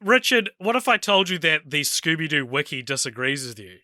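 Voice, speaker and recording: Male podcast co-host, wry casual banter, bright voice, dry sound. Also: a little high, sing-song, fairly quick, dry recording. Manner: wry, joking, reads out from notes. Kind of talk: casual chat.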